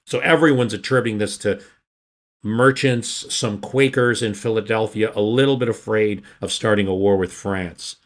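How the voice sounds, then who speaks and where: Low-voiced man, history explainer. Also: moderate pace. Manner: rambling, self-correcting explainer. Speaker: podcast guest, history podcaster. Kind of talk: casual history discussion.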